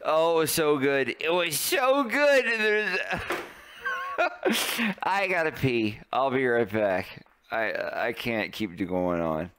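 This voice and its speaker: A man's voice: mid-range voice, very animated, takes it slowly, a bit bright, a little hiss or hum. A man chatting casually on a live stream, laughing often and swearing freely.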